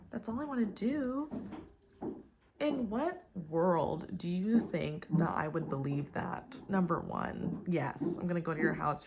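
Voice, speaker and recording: A young woman vlogger casually telling a dating story, animated, swearing and exasperated. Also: low-pitched, creaky, background noise.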